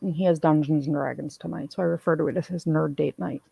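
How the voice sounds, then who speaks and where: Gravelly-voiced woman chatting on stream. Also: sits low, steady tone, fast talker, dark tone, a little hiss or hum, poor audio. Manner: rambling, addresses viewers by name. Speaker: streamer host reading chat. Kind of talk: casual livestream chat.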